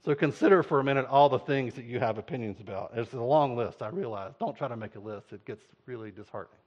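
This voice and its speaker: A man preaching a sermon, telling a story in an animated way and acting out voices. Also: medium pitch, quick pace. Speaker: pastor. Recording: dull lo-fi sound.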